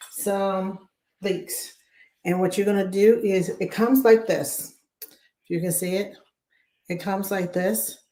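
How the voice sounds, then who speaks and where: Lady hosting a live cooking stream, kinda hoarse voice, chatty, says hi to everyone. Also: mid-range voice, a little mellow. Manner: chatty, greets viewers by name. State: hoarse from laryngitis. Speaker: cooking show host.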